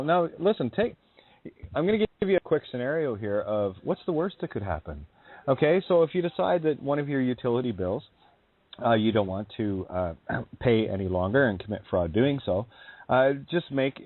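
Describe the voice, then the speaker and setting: Over a dry, tinny, phone-like line, a man of medium pitch hosts a casual radio chat. He's earnest and effusive as he discusses spiritual ideas.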